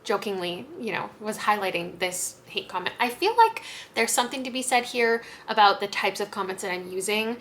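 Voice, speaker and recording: A woman's voice: medium pitch, lively intonation, a little fast, a bit bright, slight background noise. A young woman talking casually to camera as a book vlogger, frank and chatty, with light laughs and fillers.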